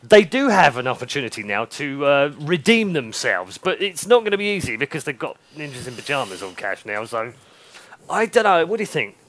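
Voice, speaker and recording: Animated, high-pitched male game caster. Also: brisk. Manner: joking, teasing banter. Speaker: esports caster. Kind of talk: live game commentary.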